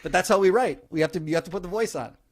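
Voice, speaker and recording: A man with a fairly high voice tells a story on a podcast in an animated, tumbling way. He restarts sentences often and keeps the story moving like a comedian would. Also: racing. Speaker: comedian guest. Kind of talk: casual podcast chat.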